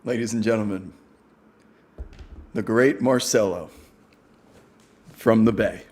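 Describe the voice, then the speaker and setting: A man's voice: lowish voice, slow pace, darkish tone. A man hosting a podcast, introducing a caller with wry asides. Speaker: host.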